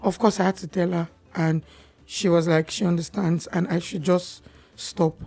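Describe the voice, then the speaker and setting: A young Nigerian woman, a podcast guest, telling her personal story in a candid, animated way. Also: lowish voice, normal speed, gravelly.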